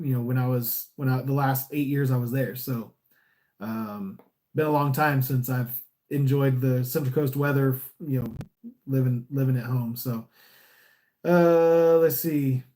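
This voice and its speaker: A man's voice: mid-range voice, fairly even intonation, unhurried, dark tone. A man from California chatting casually on a live stream, reading viewer comments in an easygoing, smiley, rambling way. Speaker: repo agent and YouTuber.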